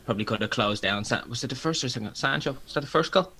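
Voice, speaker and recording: Sex: man. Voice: bright, forward. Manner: profane, opinionated banter. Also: mid-range voice, fast, breathy edge. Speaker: podcast co-host. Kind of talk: casual sports chat.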